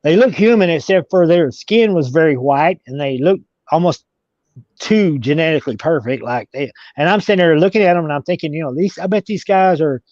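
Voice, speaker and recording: A man's voice: on the high side, lively intonation, brisk, darkish tone, dry recording. Man, interview guest, rambling storytelling with restarts, dry close sound, lo-fi. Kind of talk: casual storytelling. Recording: dull lo-fi recording.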